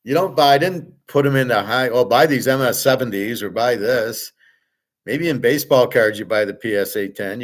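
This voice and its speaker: A man holds forth on his own show in a blunt, rambling monologue. He swears freely and mocks the people he disagrees with. His voice sits at an ordinary middle pitch. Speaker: host. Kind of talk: opinionated monologue.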